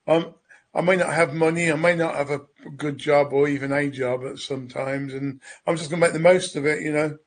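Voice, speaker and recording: A man's voice: on the high side, steady tone, brisk. A man with a British accent hosting a radio talk, speaking in a loose, rambling conversational way. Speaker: radio host. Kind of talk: casual conversation.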